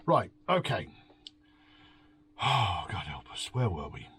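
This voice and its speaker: Bloke ranting over beers, sweary and sarcastic, voice jumps up and down a lot, faint room noise. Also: male voice, low-pitched, sing-song, slow, pushed and bright. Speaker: host. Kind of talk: drunken rambling review. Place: home, drinking beer.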